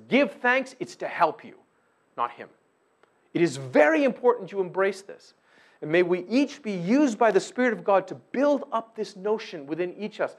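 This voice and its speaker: A middle-aged male pastor delivering a sermon in a somewhat high voice. He is very animated, with wide swings in pitch, and moves between loud emphatic bursts and soft, hushed passages.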